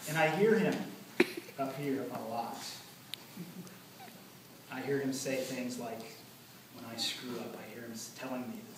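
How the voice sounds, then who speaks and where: A man giving an earnest memorial speech about his late father, telling stories with many pauses. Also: medium pitch. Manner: earnest, storytelling, pauses often. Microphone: far from the recording mic. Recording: echoey hall from far off, noisy.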